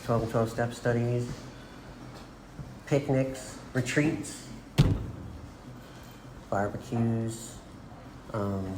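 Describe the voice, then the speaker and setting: A man in his forties telling his personal recovery story to a group, rambling and laughing at himself as he acts out what people said. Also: medium pitch. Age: 40s. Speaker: AA meeting speaker. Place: meeting room. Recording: echoey room with background noise.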